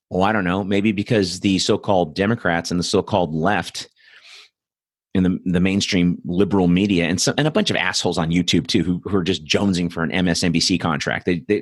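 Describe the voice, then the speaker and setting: A man's voice: low-pitched, no echo, clean studio sound. A man hosting a political commentary show, talking in a blunt, profane, rambling monologue full of asides. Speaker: host.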